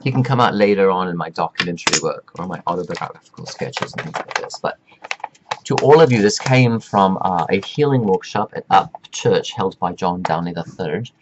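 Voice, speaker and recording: A man's voice: low-pitched, lively intonation, normal speed, highs cut off, noisy background. A man giving a meandering, preachy spiritual pep talk, stretching out words for emphasis. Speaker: self-help speaker.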